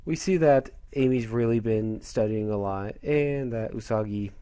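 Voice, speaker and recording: A man's voice: on the low side, measured pace, dark tone, clear, resonant tone. Brief: male comic reviewer, casual and rambling, keeps correcting himself. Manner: rambling, self-correcting, offhand asides. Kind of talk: casual chat.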